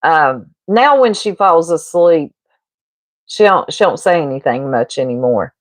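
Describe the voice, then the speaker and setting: Talking with her viewers in a casual livestream, a woman gossips at an easy, unhurried pace, wandering between threads and bursting into laughter. Her ordinary mid-pitched voice sounds dry and close-miked with no room sound, like a relaxed home setup.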